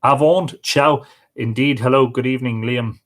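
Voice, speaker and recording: A man's voice: medium pitch, steady tone, normal speed, a bit bright. Man greeting livestream viewers. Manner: friendly, greets viewers by name. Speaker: livestream host. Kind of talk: casual chat reading out viewer comments.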